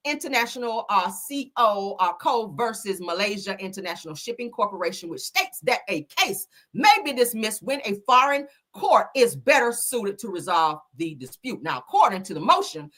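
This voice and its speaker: A woman's voice: mid-range voice, fairly bright tone. A woman hosting her own commentary show, talking casually and heatedly, with lots of profanity and emphatic outbursts.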